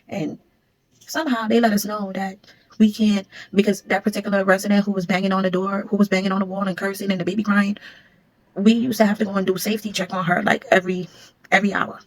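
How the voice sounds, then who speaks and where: A woman's voice: mid-range voice, flat delivery, fast talker, rough recording. A woman telling a story in a blunt, emphatic, conversational way. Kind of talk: casual storytime.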